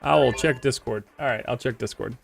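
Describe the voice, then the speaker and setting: A man's voice: mid-range voice, a little fast, vocal fry. A man chatting casually on a live stream, rambling and joking while reading chat aloud. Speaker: livestreamer. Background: music playing on stream.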